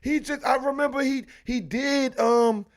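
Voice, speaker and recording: A man's voice: very high voice, steady tone, unhurried, pitched above the performer's own voice. A man putting on a sheepish wife's voice. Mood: evasive. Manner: hesitant, evasive, trailing off. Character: sheepish young wife excusing herself.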